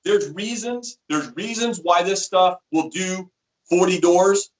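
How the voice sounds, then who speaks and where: Taking his time, a middle-aged man with a high-pitched voice tells stories and explains products in a laid-back interview. He's a sales rep and an animated storyteller who acts out the quotes. The recording's highs are cut off.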